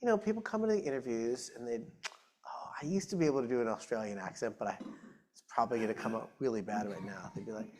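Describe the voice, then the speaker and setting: A man's voice: medium pitch, quick pace, a little mellow. A man, a psychologist and author, answering audience questions at a live talk in a chatty, self-deprecating way. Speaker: author and psychologist being interviewed. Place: event room with live audience. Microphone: shared microphone.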